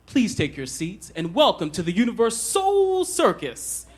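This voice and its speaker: A man's voice: high voice, wildly swooping pitch, measured pace, husky, voice pushed up, full character voice. A man putting on the grand, showy voice of a male circus ringmaster announcer.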